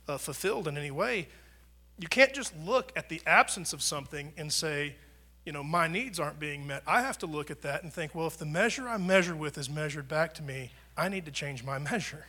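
Man, pastor, sermon; slightly high, bright voice; conversational, dynamic delivery. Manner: conversational preaching, rises and drops in volume for emphasis. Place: church.

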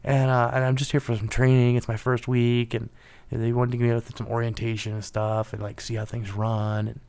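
Smooth-voiced man telling a wry story. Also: medium pitch, fairly quick. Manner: relaxed, wry, acts out quoted people. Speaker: penetration tester co-host. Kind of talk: casual storytelling chat.

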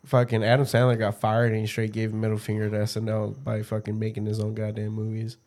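A man's voice: fairly low pitch, monotone, fast, a little mellow. A man chatting casually with friends, swearing constantly and acting out other people's lines as he tells stories. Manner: swears constantly, acts out friends' voices in anecdotes. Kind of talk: casual chat among friends.

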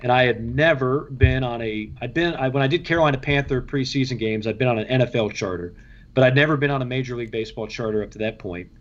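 A male baseball broadcaster recalls his early years with lively storytelling. He jumps into the voices of the people in his stories and restarts his sentences as he goes, at a mid pitch, captured on a slightly dull, lo-fi recording. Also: fast. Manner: lively, acts out quoted voices, frequent restarts. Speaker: baseball radio play-by-play broadcaster. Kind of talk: anecdotal storytelling in an interview.

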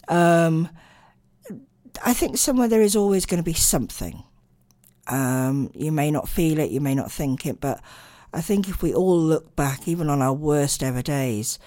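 A woman's voice: low-pitched, darkish tone, no echo, clean studio sound. A tired woman hosting late-night radio, chatting and rambling with lots of ums. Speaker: radio host.

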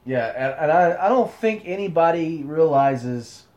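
A man's voice: on the high side, lively intonation, measured pace, a little mellow, dull audio. Man hosting a podcast interview. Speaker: podcast host.

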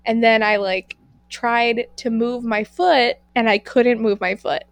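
A young woman tells a story in a fairly high voice, dropping "like" constantly and acting out both sides of the exchange. The sound is dry and close to the mic. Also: a little slow, dry recording. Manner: animated, fillers of "like", acts out quoted lines. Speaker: podcast co-host. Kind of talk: casual storytelling chat.

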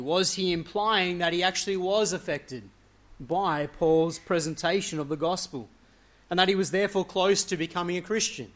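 A man's voice: sits high, fairly bright tone. A man preaching a sermon, earnestly walking through a scripture passage and letting his voice drop at the ends of phrases. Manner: earnest expository preaching, leaning into quoted scripture.

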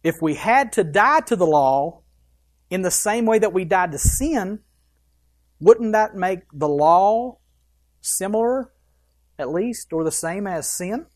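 A pastor preaching a sermon, reading scripture aloud with emphasis and breaking off for quick asides. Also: mid-range voice, animated.

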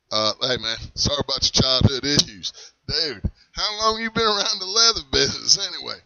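A man's voice: on the high side, animated, fairly quick, gravelly, sharp tone, dry recording, highs cut off. A young man hosting a comic street interview, in a laid-back, drawling, mock-polite manner. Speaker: comedy host and interviewer.

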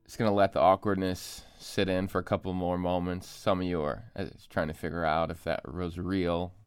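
A man's voice: sits low, flat delivery, normal speed, clear, resonant tone, no room sound, clean studio sound. Joking man hosting a solo podcast. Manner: self-deprecating, joking, chatty. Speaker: podcast host and author. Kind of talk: casual solo podcast monologue. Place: empty room. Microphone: studio microphone.

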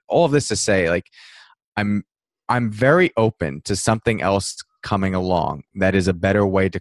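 A man who teaches mindfulness, talking through an interview answer in a relaxed, reflective way and acting out passing thoughts with small laughs. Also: low voice, gravelly, no echo.

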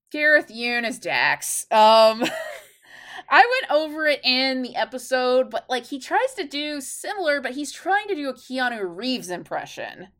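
Her voice sits high and sing-song, a little bright, and she takes her time as she co-hosts a casual podcast chat. She's chatty and loose, with "like" popping up constantly.

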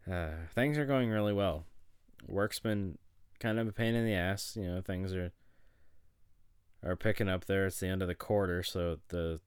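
A man's voice: low voice, clear, resonant tone, no room sound, studio quality. A man giving a casual, rambling personal update to the camera, swearing freely and chuckling as he goes. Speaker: vlogger.

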